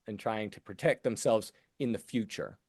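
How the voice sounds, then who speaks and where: A man's voice: lowish voice, moderate pace, darkish tone, breathy edge, no echo. Middle-aged male co-host, rambling, dry close recording. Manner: rambling, many restarts and hedges. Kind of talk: casual podcast discussion.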